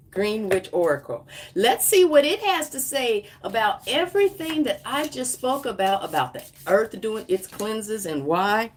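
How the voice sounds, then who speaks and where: A woman's voice: fairly high pitch, sing-song, measured pace, slight background noise. A woman hosting a psychic livestream, chatting casually and laughing often as she pulls oracle cards, drifting through restarts and trailing thoughts. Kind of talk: casual livestream talk with card reading.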